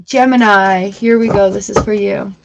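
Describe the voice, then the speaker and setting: A woman's voice: medium pitch, steady tone, normal speed, vocal fry, a little hiss or hum, low-quality recording. A woman giving a casual tarot reading to camera, chatting directly to her viewers. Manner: chatty, addresses viewers directly with frequent "right?". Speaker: tarot reader.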